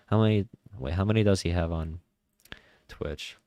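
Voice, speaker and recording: A man's voice: sits low, normal speed, dark tone, dry recording. A man hosting his own political stream, chatting casually and laughing at his own slips of the tongue.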